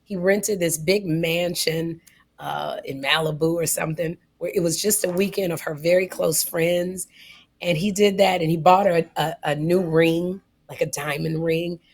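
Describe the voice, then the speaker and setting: A woman co-hosting a podcast, telling a story in casual comedic style, animated and getting loud on punchlines. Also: lowish voice, moderate pace. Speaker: podcast co-host.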